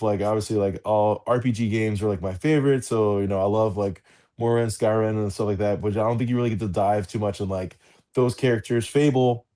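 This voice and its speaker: A man's voice: on the low side, darkish tone. A man co-hosting a casual podcast chat, talking in a rambling way full of filler words. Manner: rambling, heavy use of fillers like "like" and "you know". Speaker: podcast co-host.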